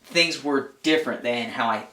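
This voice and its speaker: A man's voice: medium pitch, normal speed, sharp tone, reverberant. A man co-hosting an outdoor gear channel, chatting casually and rambling a little with lots of "like". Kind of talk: casual chat.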